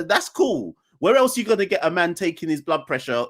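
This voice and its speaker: A man's voice: fairly high pitch, very animated, normal speed, few pauses, fairly bright tone. A young man, hosting a live call-in podcast in a defiant, joking, ranting manner. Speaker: podcast host. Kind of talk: live call-in show chat.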